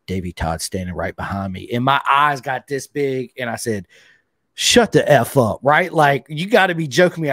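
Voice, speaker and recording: An excitable, chatty man hosts a casual podcast interview, tossing in "dude" and "man" all the time. His voice sits at an ordinary middle pitch. The recording is close and dry, with no room sound. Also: no echo. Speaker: podcast host.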